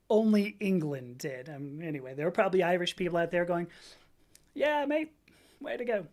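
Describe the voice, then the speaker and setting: A woman hosting a livestream, talking in a casual, digressive way while chatting with viewers. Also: fairly low pitch. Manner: digressive, chatty, stops to greet viewers and read chat; many fillers and restarts, laughs at herself. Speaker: livestream host. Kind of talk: casual lecture-style stream chat.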